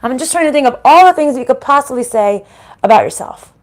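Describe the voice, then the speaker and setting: A middle-aged woman giving a casual spiritual reading, frank and animated, swearing freely and laughing often. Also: sits high, fast. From Italian-American family. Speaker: spiritual reader and channel host.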